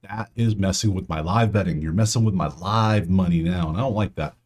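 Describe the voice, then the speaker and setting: A man's voice: sits low, brisk, darkish tone, breathy edge. A man hosting a casual solo sports betting breakdown, talking straight to players and viewers with grumbling asides.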